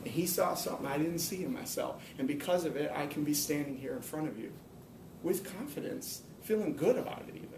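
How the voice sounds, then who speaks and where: A man giving a personal, earnest motivational talk to a live audience, slowing down to stress his main points. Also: creaky. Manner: earnest, emphatic, slows down to stress key points. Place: hall or room before an audience. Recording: echoey room, speaker far from mic, faint rumble.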